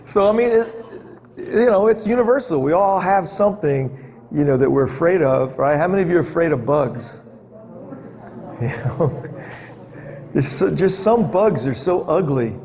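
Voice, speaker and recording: A man's voice: on the high side, moderate pace, long pauses, a little mellow. A man preaching a conversational sermon to a congregation, joking with them and asking them questions. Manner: chatty, jokes with the congregation, asks them questions. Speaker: pastor. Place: church hall with a live audience. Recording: reverberant hall, faint background noise.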